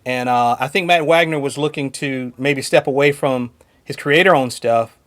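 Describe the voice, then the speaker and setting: A man's voice: medium pitch, moderate pace, fairly bright tone. A man co-hosting a podcast in casual chat, talking enthusiastically and often laughing between points. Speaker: podcast co-host.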